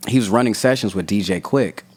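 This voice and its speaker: Low-voiced man telling a profane studio story. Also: brisk, breathy edge. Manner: profane, animated storyteller acting out quotes. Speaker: rapper guest. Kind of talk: casual storytelling interview.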